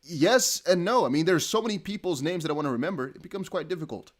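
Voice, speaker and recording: A young man from the Netherlands reads out donations on his casual crypto stream, his slightly high voice expressive and fast. He's chatty and laughs a lot, rambling and restarting as he goes.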